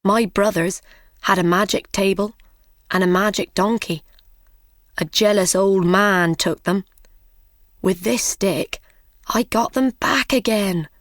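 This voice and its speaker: A bold, cheerful young man tells his tale in a slow, careful storybook voice, as a woman reader does him. The sound is dry and close, with no room around it. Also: medium pitch, no echo, close to an everyday voice. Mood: explaining.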